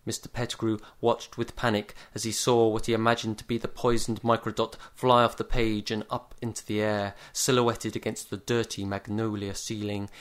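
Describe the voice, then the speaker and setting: Low-voiced man reading a story deadpan. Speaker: narrator.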